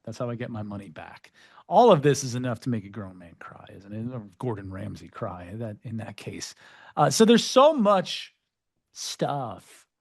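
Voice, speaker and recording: A man hosting a podcast and presenting with an energetic, joking delivery, full of playful, self-mocking asides. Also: a little high, no room sound, studio quality. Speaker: podcast host.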